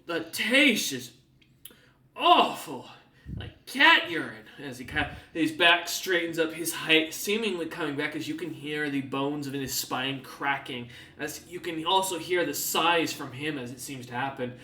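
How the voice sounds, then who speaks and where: A man's voice: fairly high pitch, steady tone, moderate pace, few pauses, sharp tone. A man narrating as the game master of a tabletop game, descriptive and full of fillers. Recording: echoey room, distant mic.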